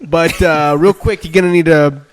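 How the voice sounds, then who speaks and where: A man's voice: fairly high pitch, fairly even intonation, normal speed, a little hiss or hum, voice pushed up, close to an everyday voice. A man voicing a pushy male apartment leasing agent who makes mock-polite, veiled threats. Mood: menacing.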